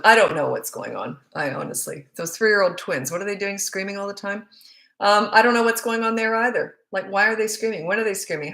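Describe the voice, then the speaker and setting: With a creaky, bright, forceful voice at medium pitch, an Australian parenting coach chats bluntly through viewer comments in a live Q&A. The room gives the recording a noticeable echo.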